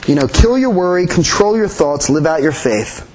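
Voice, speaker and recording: A man's voice: a little high, animated, normal speed, darkish tone, slight background noise, poor audio. A man preaching a sermon in an earnest way, often repeating his key phrases. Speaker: pastor.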